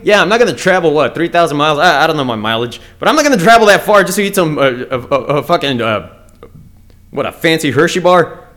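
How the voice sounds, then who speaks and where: A young American man riffs alone on his comedy podcast, blunt and crude, tripping over his words and restarting sentences. His voice sits a little high for a man. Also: fairly bright tone. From United States. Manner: crude, blunt and mocking, with frequent stumbles and restarts. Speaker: podcast host. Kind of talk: casual solo comedy rant.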